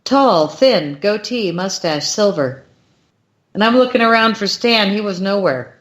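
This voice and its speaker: A woman guest on a radio show, telling a personal story in an excitable way and acting out the lines of the people in it. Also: medium pitch, a little slow. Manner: excitable, acts out quoted dialogue with shifting voices. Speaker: guest, crop circle filmmaker.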